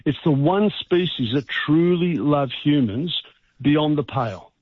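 A man's voice: a little high, expressive, a little slow, slightly rough, dry recording. A male vet, explaining earnestly and emphatically over the phone. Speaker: vet expert guest. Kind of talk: phone interview. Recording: tinny phone line.

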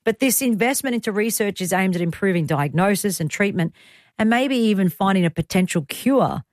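A woman's voice: mid-range voice, expressive, brisk, darkish tone, no room sound, clean studio sound. A middle-aged woman with an Australian accent hosting a radio show in casual, rambling chat that breaks into easy laughs. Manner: chatty, rambling, laughs easily. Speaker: radio host. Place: radio studio.

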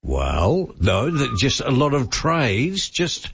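A man's voice: medium pitch, wildly swooping pitch, takes it slowly, slight background noise. A man with an Australian accent, co-hosting talk radio in a jokey, teasing way. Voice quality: husky. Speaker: radio co-host. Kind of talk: late-night talk radio banter. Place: radio studio. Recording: dull, muffled broadcast sound.

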